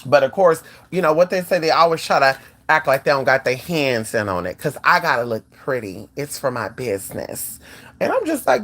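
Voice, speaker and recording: A channel host in casual talk to viewers, sassy and animated, profane, sprinkling "girl" and "honey" through every thought. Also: a little fast. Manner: sassy and animated, swinging pitch often; peppers speech with "girl" and "honey".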